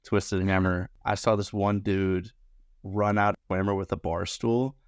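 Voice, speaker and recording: A man's voice: measured pace, clear, resonant tone. A young man, a bartender and podcast guest, telling stories casually and acting out quotes in a raised voice. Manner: animated, acts out quotes in higher voices. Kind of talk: casual storytelling.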